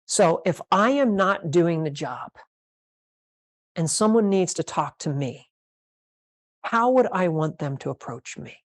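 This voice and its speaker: A woman's voice: fairly low pitch, expressive, unhurried, long pauses. A woman pastor teaching a leadership master class, emphatic and repeating her key phrases, sometimes playing out sample conversations.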